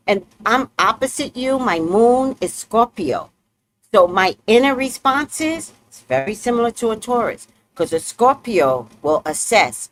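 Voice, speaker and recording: An outspoken woman hosts a casual livestream chat, blunt and matter-of-fact in what she says. Her pitch swings widely as she tells her stories, and laughter often slips in. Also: slight background noise. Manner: animated storytelling with laughs. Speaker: host.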